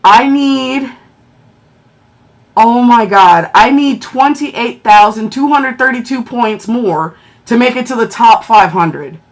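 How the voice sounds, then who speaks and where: Gushing excited woman livestreamer. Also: a little high, slow pace. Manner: excitable and emotional, gushing over gifts and rankings. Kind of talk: casual livestream chat thanking viewers for gifts.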